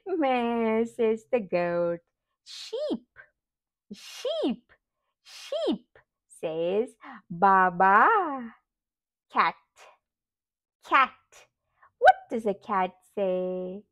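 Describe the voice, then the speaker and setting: Brief: female parent reading to a toddler, very slow, bouncy lively pitch, sing-song repetition. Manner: repetitive, sing-song, imitates animal sounds. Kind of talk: slow read-aloud for babies.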